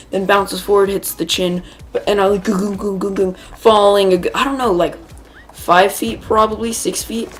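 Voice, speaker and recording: A woman hosting a gaming video, telling a rambling, chatty story while she plays and breaking off to react to the game. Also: mid-range voice. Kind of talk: casual storytelling while playing a shooter game.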